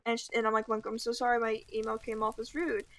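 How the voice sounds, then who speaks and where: A woman's voice: a little high, level tone, fast, a bit bright. A teenage girl telling a storytime anecdote over gameplay footage, full of "like" and "I'm like". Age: teens. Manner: chatty, lots of "like" and "I'm like". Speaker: gaming vlogger.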